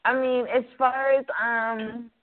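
A woman's voice: a little high, level tone, takes it slowly, a little hiss or hum. A young woman hosting a casual call-in talk show from her apartment, blunt and profane, rambling and laughing as she talks. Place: apartment room. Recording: tinny phone-like line.

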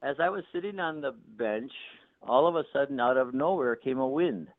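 A man in his sixties tells a personal story with soft chuckles and plenty of "you know" fillers. His voice comes over a tinny phone line and sounds dry and close. His pitch sits in a middle range for a man. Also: animated, normal speed, no echo. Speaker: pastor and author. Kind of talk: telling a personal story in an interview.

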